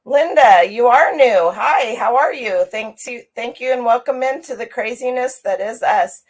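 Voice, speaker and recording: A woman's voice: a little high, a little slow. A middle-aged woman hosting a casual livestream, chatty and upbeat as she greets viewers by name. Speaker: livestream host greeting chat.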